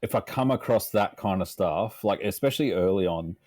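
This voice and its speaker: Deep-voiced, laughing Australian guy. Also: darkish tone, no echo. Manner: swears freely, laughs a lot, halting restarts. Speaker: podcast guest, meme page runner. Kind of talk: casual chat.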